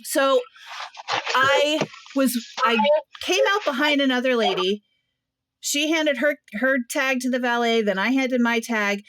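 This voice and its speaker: A woman co-hosting a podcast, telling animated stories in casual chat and laughing often. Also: high-pitched, a little slow, no echo. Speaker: podcast co-host. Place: Nashville.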